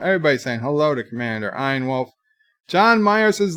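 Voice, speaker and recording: A man's voice: on the high side, animated, measured pace, a bit bright. A man hosting a livestream in a casual chat-reading style, reading viewers' messages aloud and answering with dry jokes. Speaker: livestream host.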